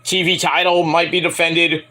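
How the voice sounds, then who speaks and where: Young male reviewer, high bright voice, lively rambling delivery. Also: normal speed. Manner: rambling, animated, mimics wrestlers in shouted bursts. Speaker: wrestling show reviewer. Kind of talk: casual solo review.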